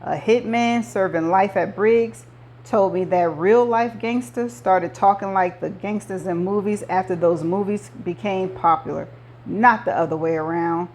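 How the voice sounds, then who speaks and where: A woman reading a novel aloud, narrating in the first person with measured delivery. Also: medium pitch, darkish tone, slight background noise. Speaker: audiobook reader.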